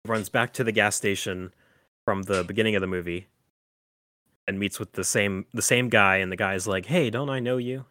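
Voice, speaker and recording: A man with a somewhat low voice chats through a horror film plot as a podcast host, rambling with plenty of fillers and restarts. The recording is dry and close, with no room sound. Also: fairly even intonation, moderate pace, pushed and bright, no room sound. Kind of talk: casual movie chat.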